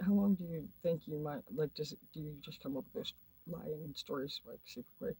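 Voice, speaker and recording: Husky, foul-mouthed woman ranting. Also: low voice, brisk, dark tone, no echo, low-quality recording. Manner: foul-mouthed, sarcastic, combative. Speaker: livestream host. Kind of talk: profane ranting livestream.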